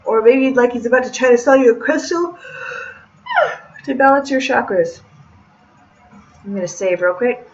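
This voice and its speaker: A woman's voice: fairly high pitch, sing-song, a little slow, pauses often, lo-fi sound, slight background noise. A young woman reading a visual novel aloud and adding chatty, joking asides as a let's-play host.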